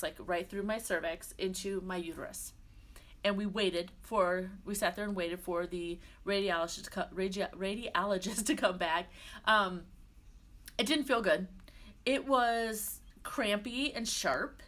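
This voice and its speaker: Young adult woman, vlogger, casual chatty storytelling with an animated delivery. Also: medium pitch. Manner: chatty, animated retelling with frequent "like" and laughs. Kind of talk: casual personal vlog storytelling.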